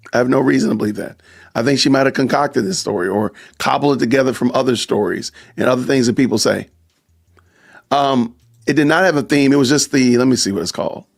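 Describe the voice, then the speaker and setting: Gravelly-voiced man hosting a live stream. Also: mid-range voice. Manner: chatty, reads viewer super chats aloud, frequent laughs and asides. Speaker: podcast host. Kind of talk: casual live-stream commentary.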